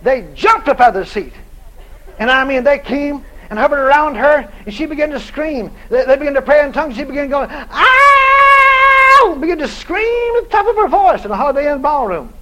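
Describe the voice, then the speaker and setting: A man preaching a sermon through a dramatic story, animated and bursting into shouts. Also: extremely high pitch, fairly quick, rough recording.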